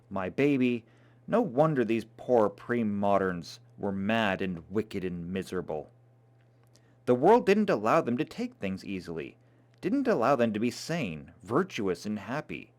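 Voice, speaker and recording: A man reading a novel aloud in a dramatic, expressive way. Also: on the low side, unhurried. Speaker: reader.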